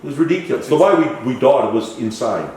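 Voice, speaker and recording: A middle-aged man telling lively stories as a podcast guest. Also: mid-range voice, brisk, very echoey, distant mic, a little hiss or hum, poor audio. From Australia. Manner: animated, swearing, storytelling with acted quotes. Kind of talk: casual storytelling interview.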